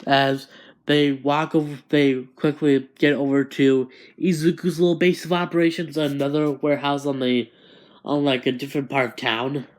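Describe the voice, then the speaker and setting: A man's voice: a little high, flat delivery, normal speed. A man improvising a fan story as narrator, hesitant and often restarting his sentences.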